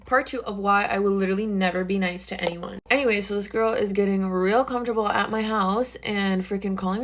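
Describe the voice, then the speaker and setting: A woman's voice: medium pitch, fast talker, few pauses, a little hiss or hum. A young woman talking casually and in an exasperated tone from her bedroom makeup table. She tells a storytime vlog and fills it with lots of filler words. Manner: chatty, exasperated, heavy use of filler words. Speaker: social media creator.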